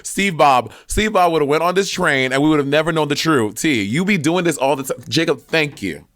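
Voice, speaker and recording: A man's voice: fairly high pitch, expressive, moderate pace, a bit bright. A man co-hosting a podcast, telling sassy, dramatic stories in casual chat. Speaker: podcast co-host.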